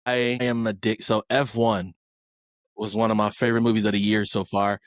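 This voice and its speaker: A man's voice: on the low side, flat delivery, moderate pace, dry recording, studio quality. A man co-hosting a pop culture podcast, recapping a reality show in a loose, rambling way full of fillers and restarts. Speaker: podcast co-host. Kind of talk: casual pop culture chat.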